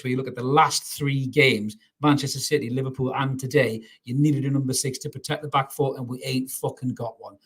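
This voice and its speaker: A man's voice: medium pitch, fairly bright tone, husky. A man hosting a live football reaction stream, ranting bluntly, swearing and reading out viewer comments. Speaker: football fan channel host. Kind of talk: live match reaction rant.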